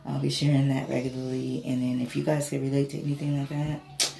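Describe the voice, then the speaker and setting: A woman's voice: extremely low pitch, monotone, fairly quick, gravelly, mellow. A woman vlogger casually telling an emotional spiritual story, swearing and rambling with many fillers. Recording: echoey room, faint ambient noise.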